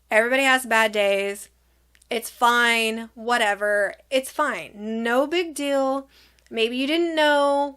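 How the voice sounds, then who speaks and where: A middle-aged woman telling a personal story in a casual storytime vlog, animated and acting out both sides of an argument. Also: on the high side, clean tone. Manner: animated, acts out both sides of the argument in quick reported dialogue.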